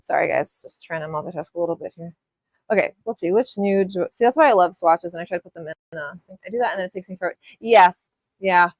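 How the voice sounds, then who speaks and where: A woman's voice: lowish voice, fast talker, no echo. A young woman hosting a live nail art tutorial from her home studio, chatting casually, rambling and often breaking off to apologize. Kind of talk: casual live-stream chat while demonstrating.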